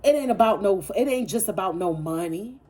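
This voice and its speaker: Warm, husky woman reading tarot. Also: medium pitch, expressive, a little fast. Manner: emphatic, preachy, repeats phrases for effect; profane and blunt. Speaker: tarot reader. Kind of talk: casual spiritual tarot reading.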